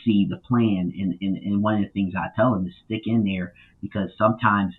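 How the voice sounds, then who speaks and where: A man who is a guest on a podcast, telling his story in a casual, animated way with many fillers and loud acted-out quotes. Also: lowish voice, normal speed, husky. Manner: animated, lots of fillers, acts out quotes loudly. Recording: tinny phone-like line.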